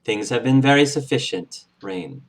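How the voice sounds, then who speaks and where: A man voicing a calm, formal female ship AI in a tabletop game. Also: medium pitch, moderate pace, natural voice, low-quality recording.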